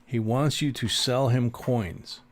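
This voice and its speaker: A man's voice: medium pitch, takes it slowly, slight background noise. A man hosting a casual live coin stream, chatting and reading viewer comments aloud.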